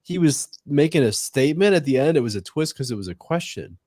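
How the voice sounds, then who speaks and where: A man's voice: on the high side, expressive, a little fast, mellow, no room sound, studio quality. A man co-hosting a podcast in casual, earnest chat. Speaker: podcast co-host.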